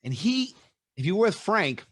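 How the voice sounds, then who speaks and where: A middle-aged man with a fairly high voice hosts a casual interview. He tells stories in an animated way, jumps into little acted-out quotes and laughs along as he goes. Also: moderate pace, slightly rough, dry recording, clean studio sound. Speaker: host.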